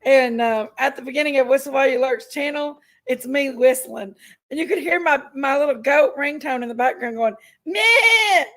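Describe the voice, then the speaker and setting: A woman's voice: high voice, fairly even intonation, brisk, rough recording. A woman hosting a casual livestream, chatty and folksy, greeting viewers by name while feeling unwell with an upset stomach. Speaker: livestream host.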